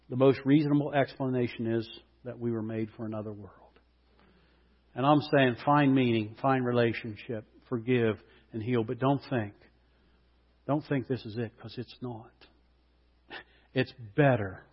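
A male pastor giving an Easter sermon in an earnest way, building to emphatic peaks and reading scripture aloud. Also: mid-range voice. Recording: dull lo-fi sound with long hall reverb.

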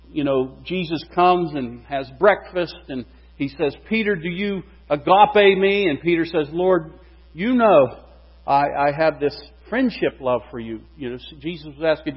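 A man preaching a sermon, animated, his voice rising and falling for emphasis. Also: fairly high pitch, normal speed, slightly rough. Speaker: pastor. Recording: dull, reverberant hall recording.

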